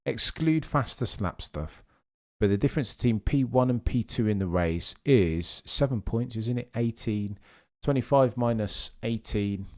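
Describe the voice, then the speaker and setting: A man's voice: medium pitch, darkish tone. A young man hosting a live watchalong stream, chatting casually and answering viewers' messages. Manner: chatty, reads chat messages aloud and answers them. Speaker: livestream host.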